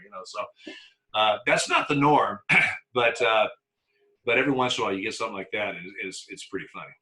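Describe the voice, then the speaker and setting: An older man recounting his umpiring days in a casual interview. His voice is very bright and sharp, and he stumbles over repeated words and breaks into laughter. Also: medium pitch, quick pace, poor audio. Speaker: former umpire.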